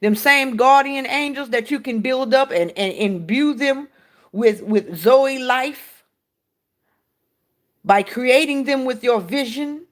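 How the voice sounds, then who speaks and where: A woman's voice: sits high, slow pace. A woman hosting a casual spiritual talk, speaking frankly and with profanity while she puts rhetorical questions to her listeners. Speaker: podcast host.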